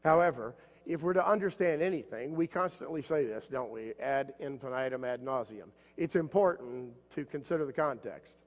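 A man preaching a sermon as pastor, an animated storyteller who jumps up in pitch for the voices in his stories. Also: moderate pace, few pauses. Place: church sanctuary. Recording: long hall reverb.

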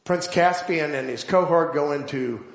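A man preaching a sermon, telling stories slowly and deliberately and building to emphatic points. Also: a little high, roomy sound. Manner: slow, deliberate storytelling with emphatic build-ups.

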